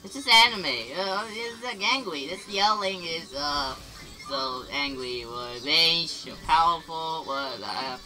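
A man's voice: a little high, slow pace, sharp tone, faint music behind, poor audio. Hesitant man commenting on a game. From Philippines. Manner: hesitant, many fillers. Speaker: gaming channel host. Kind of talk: casual gameplay commentary.

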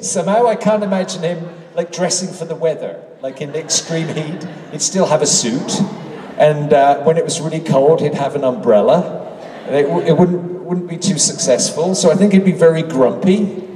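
On stage at a large convention hall, an English actor in his sixties with a British accent answers fan questions as a panel guest, joking and mocking himself. His voice is fairly high and his pace moderate. He's far from the mic, off-mic in an echoey hall with crowd noise.

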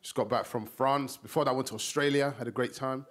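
A young man from Somalia with a South London accent, performing an animated stand-up comedy set on a TV studio stage. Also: mid-range voice, fast. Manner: animated, acts out characters in voices. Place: TV studio stage before a live audience. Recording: live audience laughter behind.

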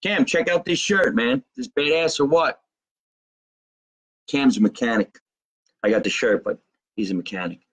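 A man's voice: medium pitch, animated, vocal fry, breathy edge. A middle-aged man with a New Jersey accent, a comedian from Jersey City, chatting casually on a live stream and reading out fan comments in a brash, profane, joking way. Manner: brash, profane, jokey, slows down to spell out contact details.

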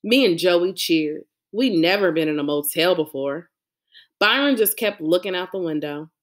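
A woman reading a novel aloud as a lively first-person storyteller. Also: lowish voice, normal speed. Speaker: audiobook reader. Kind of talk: audiobook narration.

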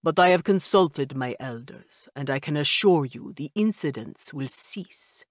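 A woman reading an audiobook voices a formal, winged male creature with an old-world vampire accent, speaking slowly and stiffly. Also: on the high side, animated, no room sound, studio quality. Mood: earnest. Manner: stiff formal speech, slow and deliberate. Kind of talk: audiobook character voice.

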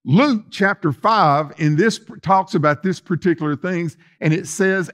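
Man preaching, folksy, animated, fairly high voice. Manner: animated preaching, swinging between loud emphasis and soft asides; folksy, talks straight to the congregation. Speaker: pastor. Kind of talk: sermon.

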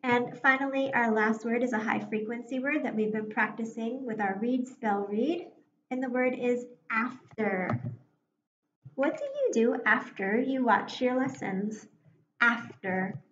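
Woman, teacher, recorded lesson for young children, slow clear encouraging delivery, echoey room, muffled sound. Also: a little high, expressive, fairly bright tone. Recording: echoey room, dull sound, faint hiss.

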